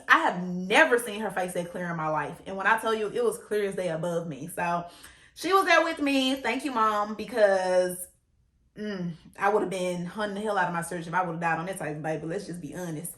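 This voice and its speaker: Animated, bright-voiced woman vlogger. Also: medium pitch. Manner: animated, candid and blunt, with frequent swearing and laughter. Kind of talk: casual storytelling vlog. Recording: echoey room.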